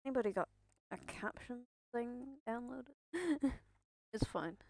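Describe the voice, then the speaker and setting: A woman's voice: fairly high pitch, lively intonation, a little slow, a little mellow, no room sound, studio quality. A young woman streaming live, chatting in a rambling, nervous way, repeating herself and swearing, a bit out of breath. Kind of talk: casual live-stream chat.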